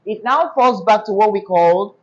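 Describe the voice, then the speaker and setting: A woman's voice: mid-range voice, a little mellow, dull audio. A woman teaching a diction class, asking questions and having pupils repeat after her. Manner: call-and-response prompting, deliberate.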